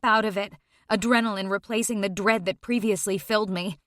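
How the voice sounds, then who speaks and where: A woman reading a dark first-person story aloud, tense and emotional, dropping low at grim moments. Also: fairly even intonation, brisk, no echo, clean studio sound. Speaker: audiobook narrator.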